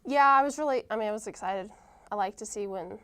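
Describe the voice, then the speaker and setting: A young woman of college age talks through her answers in a plain, mid-pitched voice. She hesitates often, filling gaps with ums and restarting her sentences. It sounds like a relaxed, casual interview. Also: fast talker, clear, resonant tone. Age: young adult. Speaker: college softball player, guest.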